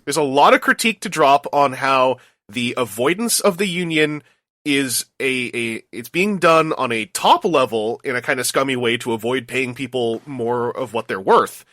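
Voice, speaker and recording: A man co-hosts a casual podcast, sharing opinions animatedly and laughing often. His pitch is medium and his speed normal, with a dry, clean studio recording.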